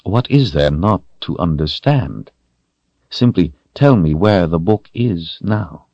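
A man doing a cold sorcerer lord, very deep. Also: animated, slow, dark tone, dry recording, muffled recording, exaggerated voice.

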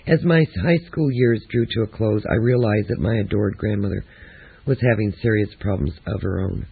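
Male memoir reader, low, raspy voice, tinny phone-like audio. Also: normal speed, dry recording. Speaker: audiobook narrator. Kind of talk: first-person memoir narration.

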